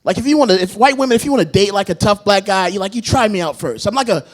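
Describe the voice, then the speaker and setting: A man with a notably high voice performing stand-up comedy on a club stage. He is self-mocking and animated, and often laughs at his own jokes while speaking into a handheld mic. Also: quick pace.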